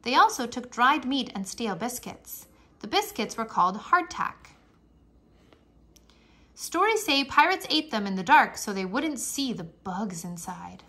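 Woman reading a kids' book out loud, kinda high voice, super bouncy and expressive. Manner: expressive storybook reading with playful exclamations. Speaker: reader. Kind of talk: reading a children's nonfiction book aloud.

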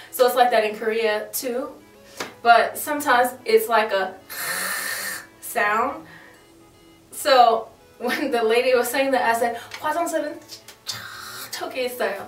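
A young woman vlogging in a casual, chatty way, full of joking asides and laughs. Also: fairly high pitch. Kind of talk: casual vlog chat. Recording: echoey room, mic at a distance, faint music.

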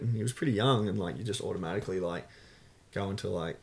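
A man's voice: fairly low pitch, steady tone, quick pace, gravelly. A man with an Australian accent, a podcast guest telling a personal story in casual, candid talk with many fillers.

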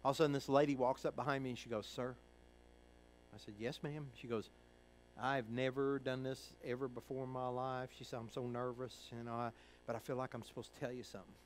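A middle-aged male pastor from Kentucky preaching a sermon, telling a personal story in a folksy way, acting out the voices of others and moving between hushed and loud. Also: mid-range voice, level tone, a little fast, slight background noise, low-quality recording.

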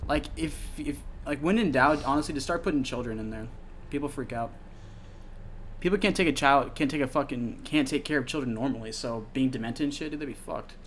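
Young dude playing a horror game, swears constantly, jumpy, yelps when stuff scares him, faint hiss behind. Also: male voice, medium pitch, fairly quick. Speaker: let's play gamer. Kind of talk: casual horror game commentary.

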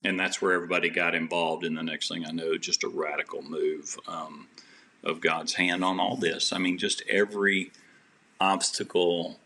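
Deep gravelly man telling his story. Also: flat delivery, normal speed, pushed and bright. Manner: earnest, rambling, faith-filled storytelling with many restarts. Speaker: podcast guest. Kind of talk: personal storytelling in a podcast interview.

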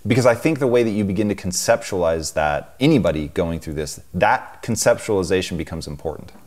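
A man's voice: low voice, lively intonation, fairly quick, darkish tone. A man hosting a long-form interview, thoughtful and building long, reflective questions. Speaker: interview show host.

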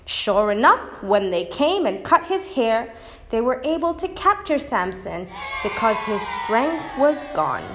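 A woman teaching a church lesson, telling a Bible story in a slow, expressive storytelling manner. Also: a little high, background noise.

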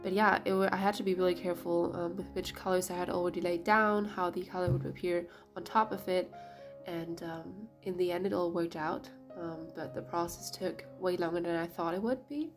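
A woman painter narrating her vlog in a casual voice-over, raspy and a bit sick, talking hesitantly with many fillers. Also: on the low side, steady tone, a little fast, soft background music. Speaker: painter vlogger.

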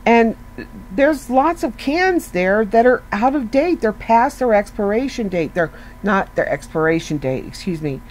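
In a low-quality recording, a woman with a high-leaning, expressive, darkish voice gives an unhurried devotional talk. She is conversational and earnest, throws rhetorical questions at her listeners, and says "you know" a lot.

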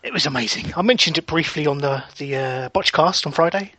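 A young man hosting a podcast in casual chat, chatty and quick to laugh, often restarting his sentences. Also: on the high side, sharp tone, no echo. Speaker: podcast host.

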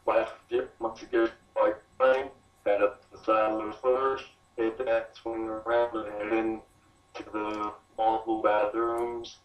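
Awkward male guest, lowish and slow, robotic through a distant, dull voice-chat line, faint music behind. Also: little pitch movement, roomy sound. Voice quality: glitchy, robotic-sounding voice. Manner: quiet, halting and awkward. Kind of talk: casual game advice. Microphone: online voice chat.

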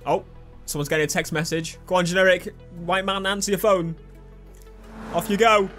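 Man, young, high voice, excitable let's play chatter, game music faintly behind. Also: moderate pace. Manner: excitable, chatty, jokey, talks back to the game. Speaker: gaming video host.

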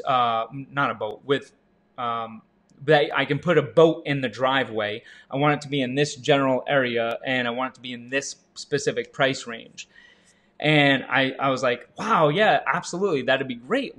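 A man in his thirties giving an energetic sales coaching talk, jumping up in pitch for emphasis and asking the listener questions. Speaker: real estate agent and sales coach. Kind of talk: motivational sales talk to camera.

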